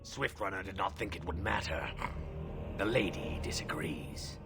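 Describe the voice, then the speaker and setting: An actor playing a solemn, guarded male werewolf gatekeeper in a video game, speaking formally in a gravelly whispered snarl. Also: deep voice, music in the background. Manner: formal, measured speech.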